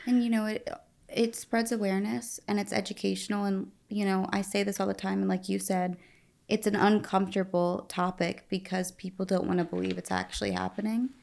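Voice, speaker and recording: A woman's voice: mid-range voice, level tone, a little fast, gravelly, a little mellow. A woman hosting a podcast, supportive and reflective as she responds to her guest. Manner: affirming, reflective, brief backchannels. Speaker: podcast host. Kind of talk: supportive interview talk.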